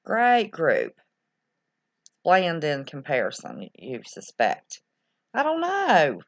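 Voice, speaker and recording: A woman's voice: sits low, wildly swooping pitch, slow. Lady chatting away on a livestream, reacting to comments, kinda muffled sound. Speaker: livestream host reading viewer chat. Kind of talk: casual live-stream chat. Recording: slightly dull lo-fi sound.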